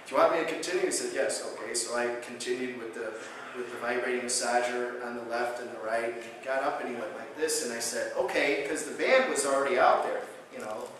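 A man's voice: medium pitch, brisk, crowd noise. A man, a chiropractor, giving a conference lecture, telling a patient story and acting out the voices in it. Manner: animated storyteller, acts out patient quotes loudly. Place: conference hall. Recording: echoey hall, distant mic.

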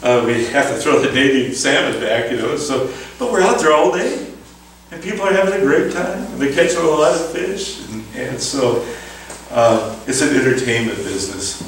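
An older man, a former fishing boat skipper, telling folksy stories to an audience, chuckling and acting out the voices in a high excited tone. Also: moderate pace, slight background noise. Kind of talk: storytelling lecture. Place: town hall lecture room. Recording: echoey hall, far from mic.

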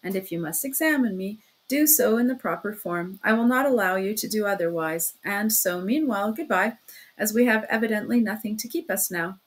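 A woman's voice: mid-range voice, animated, fairly quick, lightly acted, rough recording. A woman voicing an irritated young man who speaks in a resolute, clipped and irritable way.

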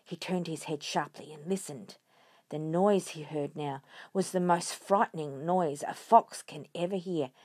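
A woman reading a children's storybook aloud, expressive and lively. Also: sits low, measured pace, no room sound, clean studio sound.

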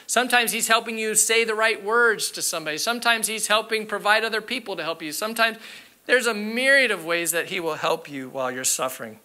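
A man's voice: high-pitched, animated, brisk, bright, forceful tone. A man, a pastor, preaching a sermon in an earnest, candid storytelling way, repeating key phrases for emphasis. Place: church sanctuary.

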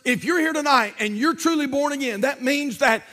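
A pastor preaches at the pulpit with fervor, pressing his points through emphatic repetition. His voice sits high and sounds bright and forceful. He builds his lines with a steady, driving energy. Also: normal speed. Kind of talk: sermon. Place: church pulpit.

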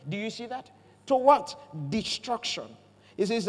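High-voiced pastor preaching in a hall. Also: male voice, moderate pace. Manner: animated, playful storytelling with jokes and call-outs to the congregation. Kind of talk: sermon. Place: church auditorium.

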